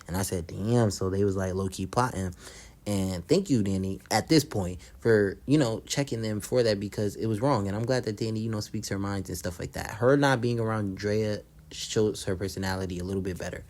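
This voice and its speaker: A man's voice: lowish voice, a little fast, darkish tone. A young man casually recapping a reality show, blunt and profane, gossiping and acting out what the cast said.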